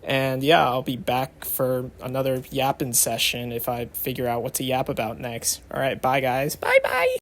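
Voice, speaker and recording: A man's voice: medium pitch, level tone, moderate pace, hardly any pauses. A young adult man giving casual vlog commentary, chatty and rambling with lots of fillers. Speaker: vlogger.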